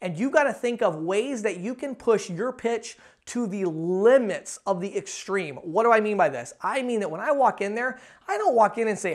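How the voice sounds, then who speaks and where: A man giving a sales training talk to camera, energetic, acting out sample pitches in shifting tones. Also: normal speed, hardly any pauses.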